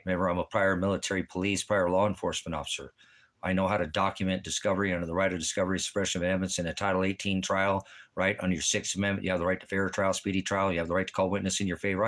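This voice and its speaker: A man's voice: sits low, a bit bright. A man delivering a rambling, agitated monologue to camera, swearing heavily and repeating himself. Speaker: vlogger. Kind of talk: profane ranting monologue.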